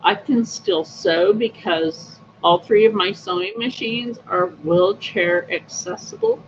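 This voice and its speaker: Over dull, lo-fi audio with faint background noise, a female livestream host shares personal stories in a casual, upbeat way, rambling and using many fillers. Her voice is medium-pitched and her pace slow.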